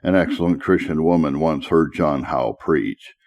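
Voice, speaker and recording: A man with a very low voice reads a classic lecture on preaching aloud. His tone is dark and mellow, and his delivery is steady and deliberate. He slows down to stress the phrases that matter most. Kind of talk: measured scripted reading.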